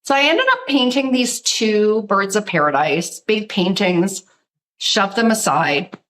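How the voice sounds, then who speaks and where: A middle-aged woman, a guest artist, telling her story in a casual interview, animated and full of "like". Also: mid-range voice, measured pace, poor audio. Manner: animated storyteller, acts out quoted voices, says "like" often.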